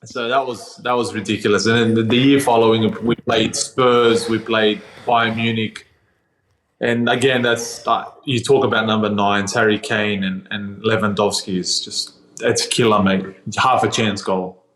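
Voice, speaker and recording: Aussie guy in his 20s on a podcast call, animated storyteller, does little voices for quotes. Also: fairly low pitch, moderate pace, a little hiss or hum, rough recording. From Australia. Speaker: podcast guest. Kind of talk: casual storytelling interview. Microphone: remote call.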